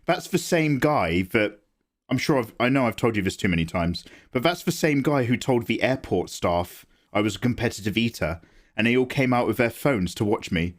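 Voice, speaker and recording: A young artist streams himself drawing while chatting casually, wandering across topics with rambling anecdotes and frequent laughter. His mid-range voice is expressive, and he talks at a normal speed.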